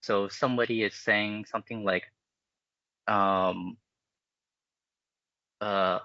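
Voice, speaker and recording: A man's voice: fairly low pitch, steady tone, slow, long pauses, bright, forceful tone, no room sound, dull audio. A man, a game animator, talking casually in an interview, explaining his process with many fillers and restarts. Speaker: animator guest.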